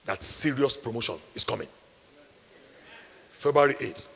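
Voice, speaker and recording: A man with a Nigerian accent preaching a sermon, repeating his lines with force and building up to shouts. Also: mid-range voice, lively intonation, moderate pace, creaky, slightly rough. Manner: preaching with emphatic repetition, rising to shouts. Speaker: pastor. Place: large hall at a retreat. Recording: echoey hall, long reverb.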